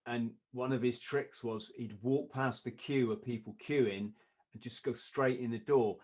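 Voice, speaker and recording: A man, a podcast guest, telling a story in a lively way, often laughing and acting out what others said. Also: mid-range voice, unhurried. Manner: lively, acts out quoted voices, laughs often.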